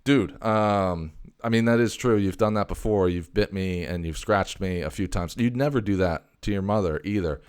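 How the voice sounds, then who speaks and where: A man's voice: sits low, moderate pace, darkish tone, clear, resonant tone. A man hosting a casual comedy livestream, joking and laid-back with frequent stammers. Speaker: show host.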